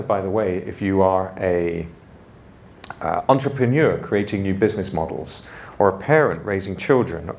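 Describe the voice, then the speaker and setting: A man opens a conference as keynote speaker. His voice sits somewhat low, and his delivery is informal and self-deprecating. Fillers come often as he talks. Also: gravelly, a little mellow. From London.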